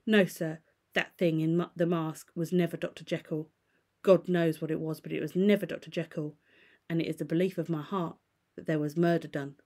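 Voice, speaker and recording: Woman doing a scared old butler, urgent and pleading, a bit higher and louder than her reading voice. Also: moderate pace, natural voice. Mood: insistent. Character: frightened loyal old male butler. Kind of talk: storybook reading.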